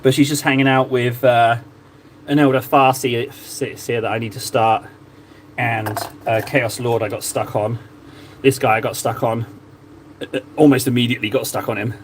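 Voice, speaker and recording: A man's voice: medium pitch, flat delivery, normal speed, a little hiss or hum. A young man chatting casually while painting miniatures, rambling and laughing at himself, in a small cupboard room.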